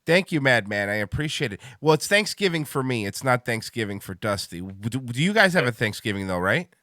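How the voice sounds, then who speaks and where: A middle-aged man hosts a loose, crude chat, rambling through restarts and blunt asides. His voice is bright and forceful. The sound is dry and close. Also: medium pitch, big pitch swings, brisk, dry recording. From Miami. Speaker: host. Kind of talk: casual podcast chat.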